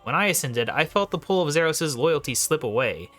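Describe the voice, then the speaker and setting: Scheming mocking god, read out by a gamer, lively and bright. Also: male voice, on the high side, a little fast, soft background music. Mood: persuasive. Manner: reads game dialogue in a slightly raised voice. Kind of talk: reading game dialogue aloud.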